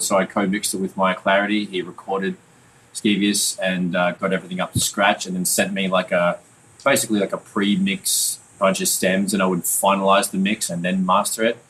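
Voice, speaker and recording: A man's voice: deep voice, fairly bright tone, slight background noise, poor audio. A man hosting a casual music review chat, loose and sweary with plenty of fillers. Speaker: podcast host and mixing engineer.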